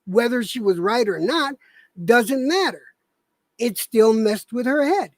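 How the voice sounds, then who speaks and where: A woman streamer who speaks slowly and deliberately, pleading for people to work things out privately. Her voice sits a little high and sounds dry and close to the mic. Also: animated, dry recording. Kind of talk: casual on-stream talk.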